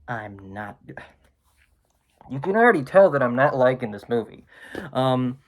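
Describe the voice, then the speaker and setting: A man rambles through a casual movie review from a room at home, his voice pitched in the ordinary middle. He's dry and sarcastic, filling the gaps with ums and throwaway asides. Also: very animated, measured pace. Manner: sarcastic, filler-heavy with many ums. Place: indoors, room with a window.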